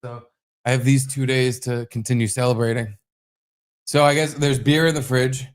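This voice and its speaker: A man's voice: mid-range voice, steady tone, moderate pace. A young man co-hosting a casual podcast from a home studio, rowdy and full of swearing and mock toasts. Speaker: podcast co-host. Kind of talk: casual chat.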